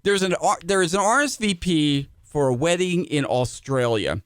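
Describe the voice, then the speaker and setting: A middle-aged man co-hosting a podcast, chatting casually and telling animated stories with sudden loud asides. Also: on the high side, moderate pace, clear, resonant tone, no room sound, studio quality. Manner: animated storyteller, jumps into shouted asides. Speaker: podcast co-host. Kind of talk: casual chat.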